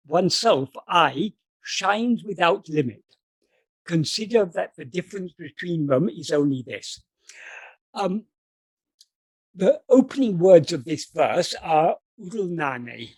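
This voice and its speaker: A man who is a spiritual teacher, explaining scripture verse by verse over a video call in a careful, methodical way and rephrasing points to make them clear. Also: fairly high pitch, darkish tone, dry recording. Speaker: spiritual teacher answering questions.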